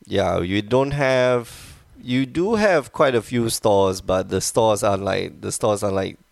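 A man's voice: fairly low pitch, lively intonation, slow pace, creaky, no echo, studio quality. A man hosting a podcast in casual chat, rambling and laughing easily, with a wheezy cough. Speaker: podcast host.

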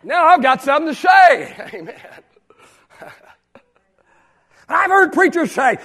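Older man, pastor, very high voice, emphatic sermon, shouts and hushed asides. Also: sing-song, slow, long pauses.

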